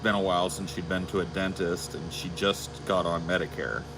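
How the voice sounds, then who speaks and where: A man's voice: low voice, fairly even intonation, fairly quick, background noise. A man co-hosting a podcast, telling a long anecdote in casual chat with crude asides. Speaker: podcast co-host.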